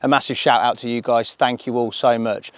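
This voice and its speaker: A man's voice: medium pitch, flat delivery, brisk, fairly bright tone, clean tone, no room sound. A man giving an upbeat prize-giving speech outdoors, full of effusive thanks. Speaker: event organiser. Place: outdoors at a fishery.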